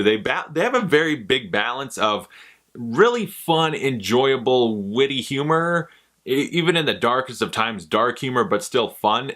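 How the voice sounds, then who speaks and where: Chatty young man with a bright voice. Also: medium pitch. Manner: chatty, swears casually, quick sarcastic asides. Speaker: movie reviewer. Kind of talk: casual spoken movie review.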